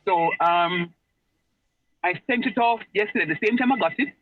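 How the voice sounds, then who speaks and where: A man's voice: high voice, moderate pace, no echo. Man lecturing on a muffled video call. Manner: chatty, repeats phrases for emphasis. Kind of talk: online class lecture.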